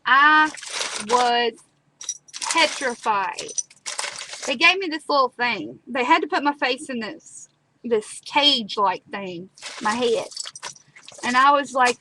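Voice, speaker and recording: Woman, craft host, dramatic storyteller, high-pitched, noisy background. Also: expressive, slow, long pauses. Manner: chatty storyteller, dramatic repetitions. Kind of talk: casual chat and craft demo. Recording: clear background noise, live stream.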